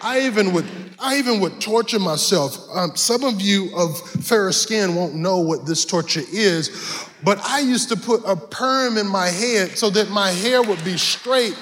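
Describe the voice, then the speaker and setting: High-pitched pastor man preaching in a huge arena, long echo, goes from low and chatty to singing and shouting. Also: unhurried. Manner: animated storytelling, swings from low asides to sung shouts. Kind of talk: sermon. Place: large arena church. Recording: long reverb of a large arena.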